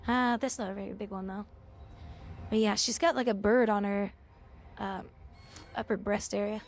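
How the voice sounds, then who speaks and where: A woman's voice: mid-range voice, fairly even intonation, moderate pace. A woman streaming live, chatting casually about a show she is watching, with chatty stumbling restarts.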